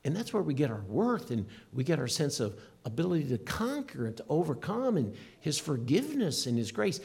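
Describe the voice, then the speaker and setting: A man's voice: on the high side, sing-song, fairly quick, vocal fry, few pauses, darkish tone, breathy edge. A middle-aged man preaching a sermon as a pastor, earnest and emphatic, swinging his voice up and down for emphasis. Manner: earnest, emphatic preaching with rising and falling delivery.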